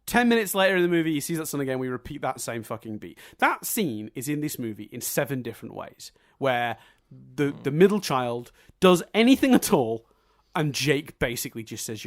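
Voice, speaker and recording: A man's voice: fairly high pitch, very animated, moderate pace. A man co-hosting a podcast, ranting about a film with swearing and mocking quoted lines. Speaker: podcast co-host. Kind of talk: casual film review chat.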